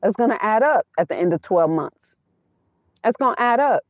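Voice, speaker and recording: A woman's voice: mid-range voice, lively intonation, normal speed, dry recording. Blunt woman on a tinny phone-like line. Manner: blunt and emphatic, repeats points. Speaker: vlogger. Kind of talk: casual chat about money. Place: inside her minivan. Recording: tinny phone-like dry sound.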